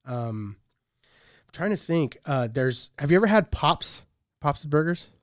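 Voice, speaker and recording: A man's voice: on the high side, lively intonation, a little slow, no echo, studio quality. A man in his thirties chatting casually as a podcast co-host, laid-back, swearing a lot and laughing often. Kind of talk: casual chat.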